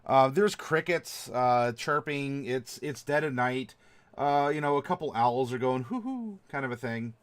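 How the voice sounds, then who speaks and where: A man acts as game master, narrating a tabletop game in a halting way full of fillers. His voice is medium in pitch, clear and resonant, with fairly even intonation.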